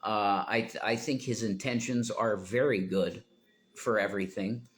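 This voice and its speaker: A man's voice: fairly low pitch, fairly even intonation, a little slow. Rambling man on a livestream. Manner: rambling, tangent-prone, emphatic outbursts.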